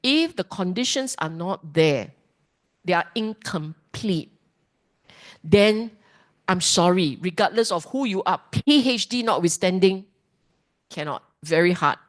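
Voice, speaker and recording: A woman teaching a dharma class, lively and emphatic, often putting questions to the class. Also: lowish voice, measured pace, pauses often. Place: class hall.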